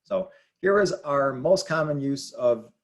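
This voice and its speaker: A man's voice: medium pitch, lively intonation, a little slow. A man teaching a grammar lesson, explaining rules patiently and repeating them, with plenty of ums. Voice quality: husky. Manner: patient, repetitive, filler-heavy explaining. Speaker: Spanish teacher. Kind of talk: classroom explanation.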